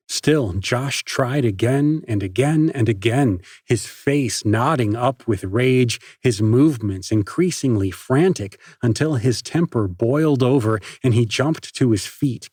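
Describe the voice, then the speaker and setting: A man with a husky voice reading an audiobook in a steady, measured way. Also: medium pitch, dry recording, studio quality. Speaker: audiobook narrator. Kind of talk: scripted narration.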